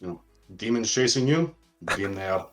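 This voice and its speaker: A man voicing a big, gruff male warrior who speaks in halting, broken phrases during a tabletop role-play game. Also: fairly low pitch, lively intonation, fairly bright tone, faint music behind.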